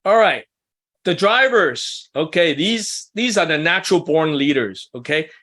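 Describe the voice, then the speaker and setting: Man workshop leader, somewhat high voice, chatty and self-deprecating, talking to a small group in a meeting room. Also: expressive, unhurried, bright, forceful tone. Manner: conversational, asks the group questions, self-deprecating asides. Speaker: workshop leader for ministry couples. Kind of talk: casual teaching talk to a small group.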